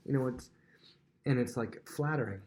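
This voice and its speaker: A man's voice: medium pitch, moderate pace. Young guy doing a chatty bible lesson, loose and talky, medium voice. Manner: chatty, acts out dialogue with animated voices; many fillers and restarts, conversational. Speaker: Bible teacher.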